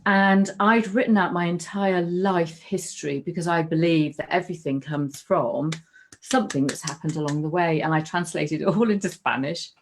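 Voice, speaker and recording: A middle-aged woman in casual conversation, telling a personal story in an animated way, restarting her sentences and acting out her own thoughts. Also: on the low side, moderate pace. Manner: animated, storytelling, with frequent restarts and quoted inner voices. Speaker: guest.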